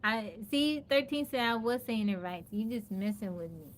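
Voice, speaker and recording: A woman's voice: a little high, lively intonation, normal speed, a little hiss or hum. A woman chatting casually on a live stream, thanking viewers by name and laughing as she sounds out a hard word over and over. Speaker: livestreamer.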